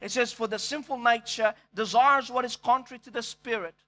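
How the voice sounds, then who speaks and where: A man's voice: very high voice, a little fast, sharp tone. A male pastor preaching a sermon, emphatic, often repeating words as he searches for the next phrase.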